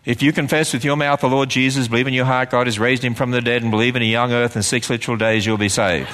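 A man preaching a sermon in a church, firing rhetorical questions and swinging between loud, emphatic lines and hushed ones. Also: mid-range voice, steady tone, quick pace, noisy background. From Australia. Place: church sanctuary. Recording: large hall with long reverb.

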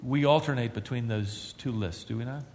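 A man preaching a sermon as pastor, earnest and building to loud, emphatic climaxes. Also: medium pitch, moderate pace. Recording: long reverb of a large hall.

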